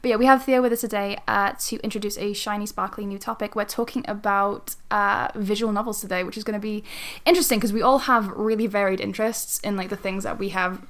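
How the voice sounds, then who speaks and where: A woman co-hosting a podcast, chatting playfully with dramatic, quick asides. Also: mid-range voice, steady tone. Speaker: podcast co-host. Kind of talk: casual chat.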